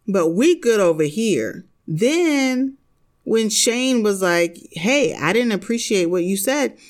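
A woman's voice: medium pitch, a bit bright. A woman hosting a podcast, chatting casually about a TV show with sassy, opinionated asides. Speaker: podcast host. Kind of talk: casual TV recap chat.

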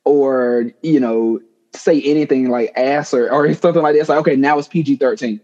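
A male podcast co-host chatting casually, in a relaxed and amused manner. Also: medium pitch, moderate pace. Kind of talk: casual chat. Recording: dull lo-fi recording.

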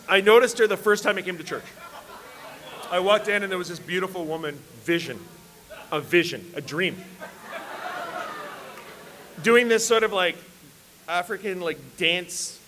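A man's voice: sits high, sharp tone, a little hiss or hum. A man preaching at a church worship service, telling self-deprecating, humorous personal stories to a congregation. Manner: self-deprecating, joking storyteller.

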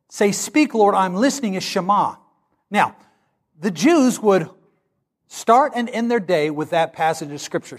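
A man preaching a sermon, animated and acting out the voices he quotes. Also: high voice, unhurried, breathy edge. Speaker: pastor.

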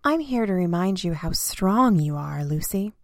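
A woman's voice: lowish voice, lively intonation, measured pace, no room sound, studio quality. A woman doing a strong, comforting island. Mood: reassuring. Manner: very gentle, reassuring.

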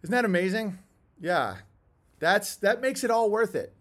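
A man's voice: sits high, brisk. A man hosting a casual monologue, rambling through tangents with chuckling asides. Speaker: host.

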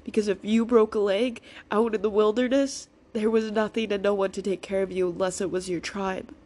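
A woman's voice: mid-range voice, fairly even intonation, a little fast, warm tone. Tearful woman talking through emotions. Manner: raw, tearful, self-reassuring, swears freely. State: crying, emotional. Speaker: vlogger. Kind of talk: emotional personal vlog.

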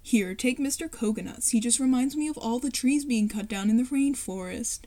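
A woman voices a gloomy teenage girl turned earnest activist, speaking in a grave, serious tone. The voice is fairly high but mellow and soft-edged, read like a storybook. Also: normal speed, natural voice. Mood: solemn. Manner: earnest, somber delivery.

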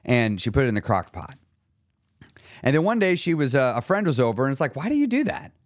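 A man's voice: mid-range voice, fairly quick, dry recording, clean studio sound. A man hosting a podcast as a weight loss coach, talking straight to his listeners and acting out the people in his stories. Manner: animated storytelling, acts out quoted characters. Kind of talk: podcast monologue.

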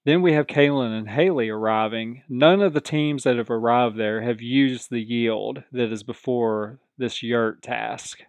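Male podcast host, casual recap, medium pitch, dry close mic. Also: unhurried, few pauses, no room sound. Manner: chatty, quotes the contestants in animated voices. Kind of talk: casual reality show recap.

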